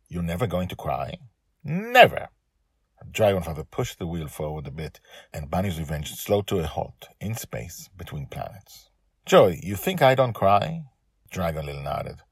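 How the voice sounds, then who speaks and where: A man who hosts a story podcast, narrating a serialized tale in an animated, expressive way and then talking casually. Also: low voice, creaky, breathy edge, dry recording, studio quality.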